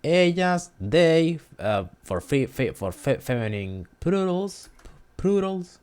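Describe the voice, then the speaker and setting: A man hosting an informal language lesson, speaking haltingly with frequent restarts and words repeated for drilling. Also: fairly high pitch, big pitch swings, darkish tone, clean tone.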